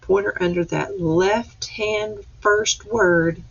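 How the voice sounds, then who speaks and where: A woman teacher leading a reading lesson for young children, patient and reading slowly word by word. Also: on the low side, vocal fry, husky, muffled recording.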